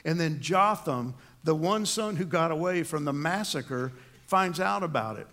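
A man's voice: fairly high pitch, lively intonation, unhurried, fairly bright tone. A middle-aged man preaching a sermon as a pastor, telling stories and acting out the lines of the people in them. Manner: storytelling with acted-out quotes.

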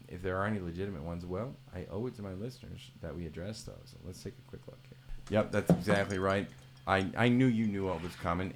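A man's voice: deep voice, slight background noise. A man hosting a podcast, chatting casually and joking with mock-serious exaggeration. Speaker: podcast host.

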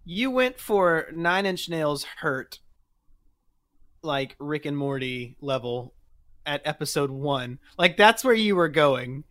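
Man, podcast co-host, bright slightly high voice, rambling. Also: lively intonation, takes it slowly. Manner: rambling, lots of "like" fillers, giggly. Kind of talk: casual podcast chat.

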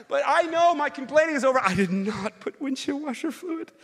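A man preaching as pastor, telling an animated personal story that swings from loud rants to quiet, earnest reflection. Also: extremely high pitch, brisk. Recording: long hall reverb.

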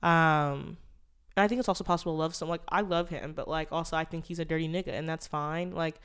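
A woman's voice: low voice, fairly even intonation, quick pace, fairly bright tone, clean tone. A young woman in her twenties hosting a casual solo podcast, talking candidly and rambling with lots of fillers and swearing. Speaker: podcast host.

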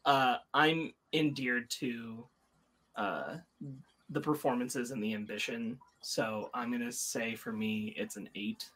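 Man, podcast co-host, casual review talk, hesitant, lots of fillers, mid pitch. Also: fairly even intonation, takes it slowly, fairly bright tone. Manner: hesitant, many ums and uhs.

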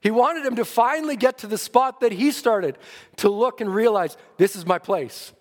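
Man preacher, high voice, earnest sermon delivery, long church-hall reverb. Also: moderate pace. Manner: earnest preaching, rising and falling in emphasis.

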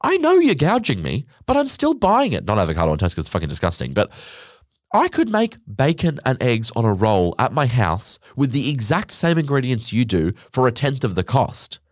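A man's voice: brisk, dry recording, clean studio sound. A man hosting a podcast, delivering a sarcastic, profane comedic rant. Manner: sarcastic, profane, animated swings in pitch. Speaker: podcast host. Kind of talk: ranting comedic monologue.

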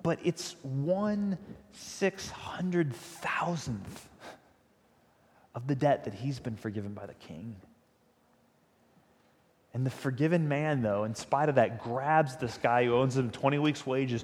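A man preaches a sermon, retelling a story in a chatty yet emphatic way. His voice sits at an ordinary middle pitch. The sound rings with the long echo of a large church hall. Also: measured pace. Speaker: pastor.

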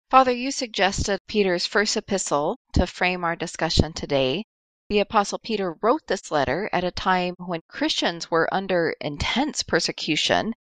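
Measured woman interviewer. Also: lowish voice, a bit bright, no echo, low-quality recording. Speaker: host. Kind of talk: interview questions.

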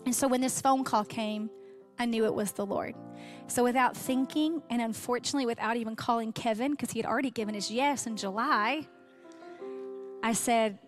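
Woman, pastor's wife, raised voice, preaching a testimony over soft music. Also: fairly high pitch, fairly even intonation, moderate pace. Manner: heartfelt storytelling, voice catching with emotion. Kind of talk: sermon testimony.

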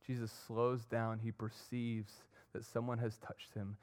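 A young man preaching a sermon, earnest, swinging between emphatic and soft. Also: on the low side, level tone, unhurried, hardly any pauses. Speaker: pastor.

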